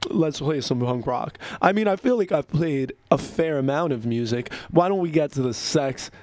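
A man's voice: fairly high pitch, expressive, normal speed, a little mellow, no echo. A man hosting a casual radio show, rambling between songs, gleeful and profane, laughing often.

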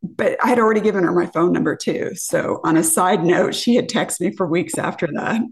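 A woman's voice: on the low side, a little fast, creaky. A woman from California, a podcast guest, telling a dating story casually, acting out quotes and swearing freely.

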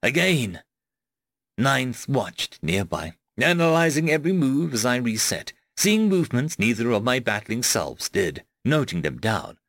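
Expressive male audiobook narrator. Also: mid-range voice, vocal fry, no room sound. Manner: measured, expressive storytelling. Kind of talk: first-person fiction narration.

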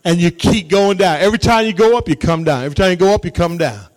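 A man preaching as a pastor, calling out to his congregation and swinging between shouted lines and quiet asides. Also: high-pitched, quick pace, soft background music. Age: adult, married parent. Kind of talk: sermon.

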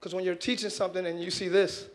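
A man's voice: high-pitched, flat delivery, fast talker. A man preaching a sermon as pastor, calling out to his congregation and pushing them to answer back. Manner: shouting preacher, call-and-response with congregation.

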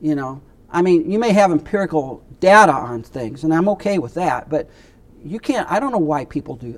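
Bible class teacher, man, fairly high voice, emphatic and chatty. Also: big pitch swings, brisk. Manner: emphatic, conversational, repeats points.

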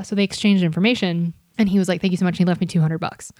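A woman telling bartending stories as a guest in a casual podcast chat, animated, with quick asides. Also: on the low side, dry recording, clean studio sound. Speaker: podcast guest, bartender and comedy club server.

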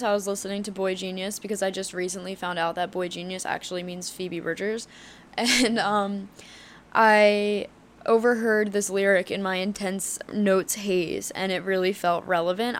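A young woman in her twenties hosts a solo podcast, speaking at a medium pitch with frank, heated candor. Her talk is loose and full of fillers and swearing, and a faint hiss sits under the recording. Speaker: podcast host.

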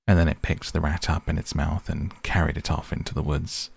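A man reading a story aloud in a measured, steady narration with a gravelly, husky voice. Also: very deep voice. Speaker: audiobook narrator. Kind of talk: scripted narration.

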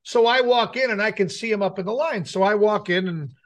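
High-voiced middle-aged man telling a story. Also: a little fast. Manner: rambling anecdote with acted-out quotes. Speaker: radio show co-host. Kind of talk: casual storytelling chat.

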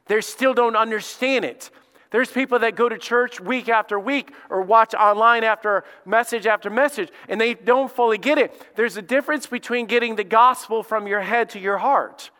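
A middle-aged pastor delivers a sermon, his voice high and bright. He preaches emphatically and talks to the congregation conversationally, repeating his phrases. The words ring out with a long reverb. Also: normal speed, clear, resonant tone.

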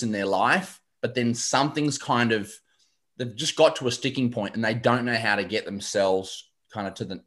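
A man's voice: medium pitch, a bit bright. A man, a confidence coach chatting casually as a podcast guest, rambling with many fillers and restarts.

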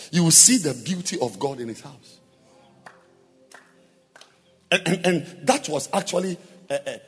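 A man preaching a sermon as a pastor, moving from quiet asides to shouted, sung-out exhortation. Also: fairly high pitch, breathy edge. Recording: hall reverb with faint music.

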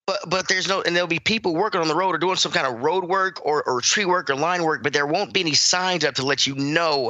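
A man's voice: a little high, quick pace, few pauses, pushed and bright, dry recording. A man co-hosting a podcast, rambling through a profane story with lots of restarts. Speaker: podcast co-host. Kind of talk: casual chat.

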